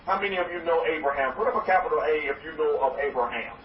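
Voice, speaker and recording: A man preaching as a rabbi to a congregation, loud and excited, repeating phrases for emphasis. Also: a little high, fast talker. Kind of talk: energetic sermon to a congregation. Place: hall with congregation. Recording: roomy, distant, dull lo-fi recording with faint noise.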